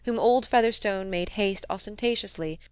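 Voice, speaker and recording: Woman reading an old novel, steady and measured, dry close sound. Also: mid-range voice, clear, resonant tone, no echo. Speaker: audiobook reader. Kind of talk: scripted narration.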